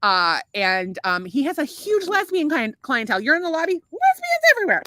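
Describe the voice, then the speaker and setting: Bright, animated bawdy woman. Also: high-pitched, brisk, a little hiss or hum. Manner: bawdy, laughing, animated storytelling with swearing. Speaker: podcast co-host. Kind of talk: casual chat.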